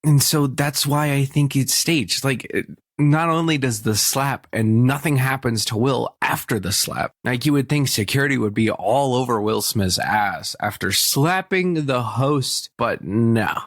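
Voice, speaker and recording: A man's voice: medium pitch, expressive, a little slow, no echo, studio quality. A young man from Texas, hosting a casual solo podcast, rambling through stories, acting out what people said, and laughing often. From Texas, USA. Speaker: podcast host.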